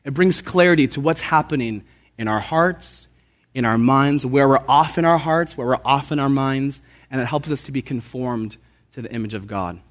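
A man pastor preaching a sermon in an earnest, emphatic way, repeating phrases and rising in pitch for emphasis. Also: moderate pace.

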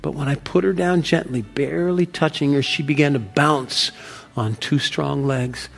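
Josiah, a devoted father from ancient times, acted by a man, tells of his daughter's healing in a gravelly, slightly husky voice pitched a little high. He moves between hushed awe and bursts of wonder, with soft music playing behind him. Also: normal speed. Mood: earnest storytelling. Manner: earnest, swings from loud wonder to hushed awe. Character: devoted ancient Hebrew father telling of a miracle. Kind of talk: dramatic first-person monologue.

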